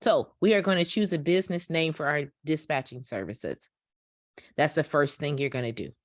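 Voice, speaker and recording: A woman's voice: sits low, moderate pace, dry recording, studio quality. A woman teaching a step-by-step business lesson, stressing key points and checking in with her listeners. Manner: emphatic, repeats key points with check-ins. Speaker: dispatching business instructor. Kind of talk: instructional walkthrough. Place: home office.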